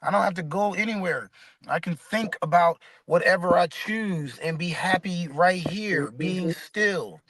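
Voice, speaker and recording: A man's voice: high-pitched, a little slow, a bit bright, no room sound. A man leading a casual spiritual discussion and guided stretching, laid-back and slangy, swearing casually. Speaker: discussion leader.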